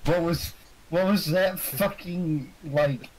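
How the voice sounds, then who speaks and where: A man's voice: a little high, slow, low-quality recording. Profane, joking tabletop player man. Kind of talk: casual chat at a tabletop game.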